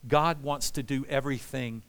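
A man preaching a sermon with passion, swinging between loud pleas and hushed, quiet lines. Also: medium pitch, steady tone, normal speed, smooth. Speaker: pastor. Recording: long hall reverb.

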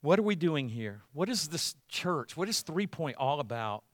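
A man preaching a sermon as pastor, conversational at first, then building to loud, emphatic passages. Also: on the high side, very animated, moderate pace, no echo, clean studio sound.

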